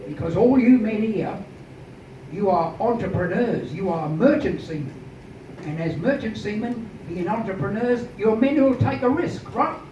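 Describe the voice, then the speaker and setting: A man's voice: sits high, expressive, normal speed, mellow, pitched above the performer's own voice. A man voicing a portly, scheming colonial shipping man who talks in a showy, coaxing way. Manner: showy, coaxing, slyly persuasive. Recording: echoey, distant, dull noisy room recording.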